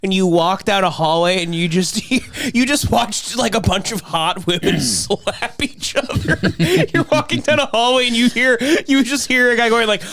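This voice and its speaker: A man's voice: high voice, animated, moderate pace, hardly any pauses, a bit bright. A man hosting a comedy podcast, joking and acting out voices in casual chat. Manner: playful, acts out voices. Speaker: podcast host.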